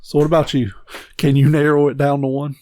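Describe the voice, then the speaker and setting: A man's voice: fairly high pitch, flat delivery, a little fast, a little mellow, dry recording. A man co-hosting a podcast, rambling bluntly with frequent swearing in casual chat. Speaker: podcast co-host.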